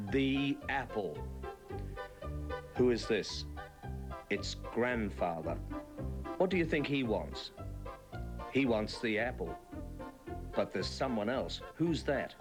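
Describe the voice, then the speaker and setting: A man leads a children's reading lesson in a slow, clear, encouraging sing-song. His voice rises and falls widely, and gentle music plays behind him. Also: medium pitch. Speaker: reading teacher presenter.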